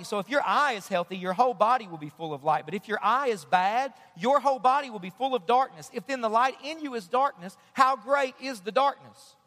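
High-voiced energetic male preacher. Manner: energetic preaching, calls for audience response. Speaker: pastor. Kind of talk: sermon. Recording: long hall reverb.

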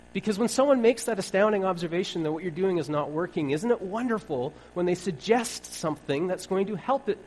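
A male preacher gives a sermon in a wry, easygoing way, slipping into little acted-out bits of dialogue. His voice sits a touch high for a man and swings widely in pitch. A faint hum runs underneath. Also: poor audio. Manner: wry, conversational, acts out dialogue.

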